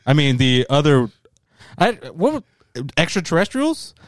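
Co-host: man, foul-mouthed banter, lively pitch, dry sound. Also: unhurried, no echo. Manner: crude, swearing, deadpan jokes. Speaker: podcast co-host. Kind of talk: casual chat.

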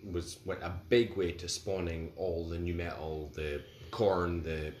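A man's voice: deep voice, flat delivery, a little slow, darkish tone. A man in his forties co-hosting a casual music podcast, rambling and hesitant with lots of fillers and restarts. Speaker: podcast co-host. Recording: roomy recording with faint background hiss.

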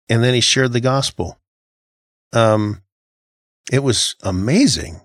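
A man's voice: medium pitch, lively intonation, takes it slowly, pauses often, no echo, clean studio sound. A middle-aged man co-hosting a casual Christian podcast, talking in an earnest, reflective way with frequent halts and restarts. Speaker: podcast co-host.

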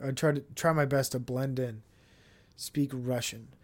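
A man's voice: medium pitch, fairly even intonation, measured pace, darkish tone. A man talking in a rambling, blunt and profane casual monologue as a podcast host.

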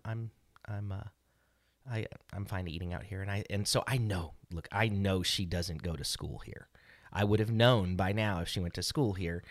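A man's voice: fairly low pitch, dry recording, studio quality. A middle-aged man co-hosting a podcast, telling a story casually in a rambling way with many restarts and fillers. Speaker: podcast co-host.

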